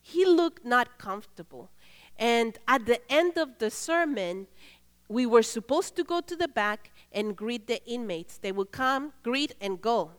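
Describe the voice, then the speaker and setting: A woman preaching in a church, telling a story earnestly and swinging between loud and hushed. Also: on the high side, lively intonation, a little slow, smooth, big-room sound. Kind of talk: sermon storytelling.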